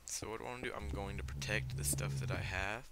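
A man's voice: lowish voice, fairly even intonation, fast talker, very noisy. A young man giving casual, filler-heavy gameplay commentary, given to startled outbursts. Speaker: let's play gamer.

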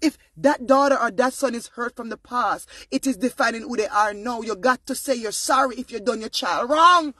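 A young Jamaican man with a bright, high-set voice talks to his viewers in a loose monologue. He leans hard on his points and keeps pushing up toward a near-shout. The sound is close and dry. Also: moderate pace, hardly any pauses, no echo. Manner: emphatic, often rising to near-shouting. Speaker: vlogger.

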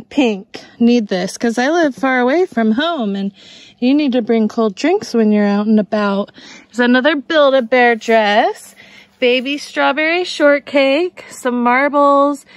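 Woman vlogger, high voice, unhurried delivery, chatty and easily excited, phone-recorded. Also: no echo. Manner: chatty, excitable, laughs often. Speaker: thrift reseller vlogger. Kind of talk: casual shop-with-me vlog. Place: busy thrift outlet store, then at home.

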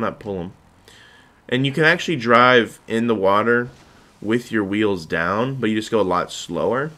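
A man's voice: fairly low pitch, lively intonation, normal speed, pushed and bright. A young man giving rambling, jokey commentary over his own gameplay footage. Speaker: gaming video host.

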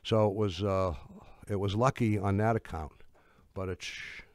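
An older man giving a talk, telling anecdotes with wry humor and frequent halting restarts. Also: lowish voice, steady tone, no room sound, clean studio sound.

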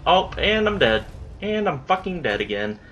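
A man's voice: on the high side, very animated, moderate pace, fairly bright tone, muffled recording. A young man giving casual commentary on his own gameplay, frustrated, swearing and muttering at the enemy.

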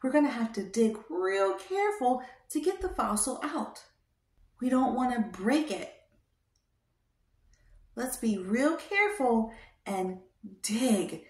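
A woman's voice: a little high, expressive, slow pace, long pauses, echoey room. A woman hosting a children's show, teaching toddlers in a sing-song, coaxing way and prompting them to repeat words.

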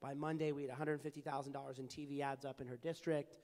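Sitting on a panel in a large forum hall, this young advocacy group founder from California tells earnest stories, often restarting and using fillers. He talks fast in a medium, level, darkish voice, and the recording carries a long hall reverb.

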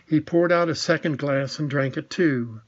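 A man's voice: fairly high pitch, normal speed, muffled recording. A man narrating a children's storybook, reading with small slips and restarts. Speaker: audiobook narrator.

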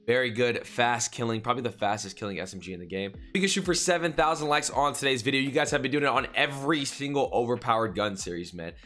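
A man's voice: mid-range voice, fast talker, few pauses, sharp tone. A young man hosting a gaming stream, giving casual, slangy, hyped commentary straight to his chat. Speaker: gaming streamer and video host.

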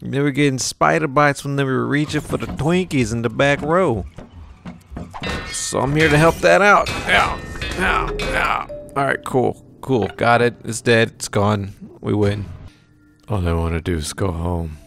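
A man's voice: mid-range voice, normal speed, creaky, over music. A man giving jokey let's-play commentary and talking back to the enemies in the game. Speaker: gaming video host.

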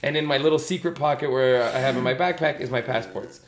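A man from Canada, a comedian, telling an animated story in casual talk, swearing and acting out the people in it. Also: mid-range voice, quick pace, echoey room, over a noisy crowd. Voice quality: swearing, acts out voices in his stories. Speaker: comedian guest.

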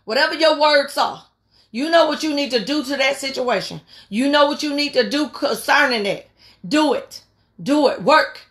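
A woman preaching with fervent, urging energy, her voice sitting a little high. She drives her points home by repeating short phrases again and again. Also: moderate pace, fairly bright tone. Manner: repetitive, exhorting, fervent. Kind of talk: impassioned sermon on a prayer line.

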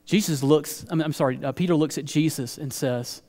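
A male pastor preaching a sermon in a fairly high voice, earnest, restarting phrases as he builds each point. His words ring out with a long echo through the church sanctuary. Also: normal speed, few pauses, darkish tone.

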